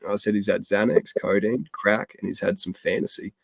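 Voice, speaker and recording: A man's voice: on the low side, little pitch movement, normal speed, gravelly, no room sound. A man, telling stories in a casual, sweary chat and acting out the voices of people he quotes. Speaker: podcast host.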